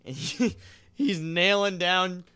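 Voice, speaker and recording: A man's voice: high-pitched, slow, pushed and bright, smooth. A man co-hosting a podcast, retelling a cartoon scene in crude, profane casual banter. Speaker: podcast co-host.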